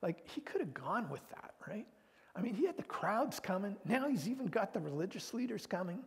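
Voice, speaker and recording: Man, pastor, sermon, earnest and conversational, slightly high voice, long reverb. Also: very animated, a little fast. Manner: earnest, conversational, drops to hushed tones.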